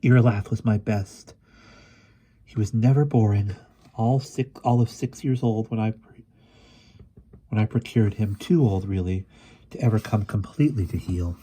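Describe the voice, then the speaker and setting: A man reading aloud and voicing a cruel, ancient witch queen with a languid, drawn-out delivery in an audiobook. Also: fairly low pitch, mellow, slight background noise, natural voice.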